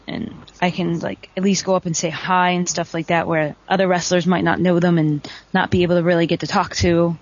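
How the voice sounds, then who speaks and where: A woman in her thirties, a wrestler, telling stories in a chatty, animated way as an interview guest. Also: on the low side. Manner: chatty, animated, lots of "like" fillers. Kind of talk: casual storytelling over a call. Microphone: phone. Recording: dull lo-fi phone-line audio.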